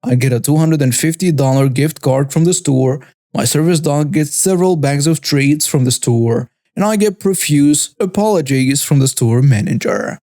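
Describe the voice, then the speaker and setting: A man's voice: on the high side, normal speed, dark tone, dry recording. Man narrating a story in a dry booth. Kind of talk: scripted first-person story narration.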